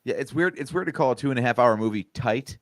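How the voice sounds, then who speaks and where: A man on a video call, musing through a casual watch-along chat with a dry joking edge. His voice sits at a middle pitch. The sound is dry, with no room around it. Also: lively intonation, fast, dry recording. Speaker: podcast guest.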